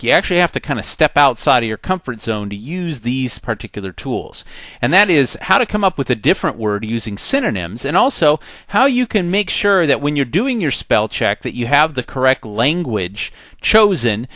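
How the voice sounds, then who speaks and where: Lively chatty man teaching software. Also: medium pitch, no echo. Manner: chatty, acts out the program's messages in voices. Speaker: software instructor. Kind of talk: screen-recorded software tutorial.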